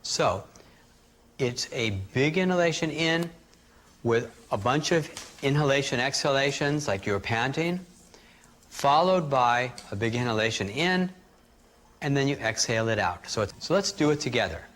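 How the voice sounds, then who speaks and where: A man teaching a live workshop, calmly guiding a group through breathing exercises and demonstrating them aloud. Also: mid-range voice, moderate pace, slight background noise. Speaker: energy healing teacher.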